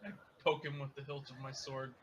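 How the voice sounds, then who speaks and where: A man's voice: medium pitch, little pitch movement, fairly quick, background noise. A man player in a tabletop game, speaking in short, plain in-character statements.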